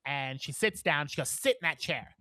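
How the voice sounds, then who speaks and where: Bright-voiced man telling a heated story. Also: fairly high pitch, moderate pace, dry recording. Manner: animated, profane, acts out quoted dialogue. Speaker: podcast co-host. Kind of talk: casual storytelling chat.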